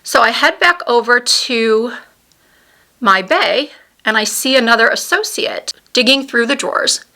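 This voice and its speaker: Woman, forties, beauty vlogger; bright, clear tone, heartfelt storytelling on the edge of tears. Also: a little high. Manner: earnest, heartfelt retelling. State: close to tears. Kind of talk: storytelling while doing makeup.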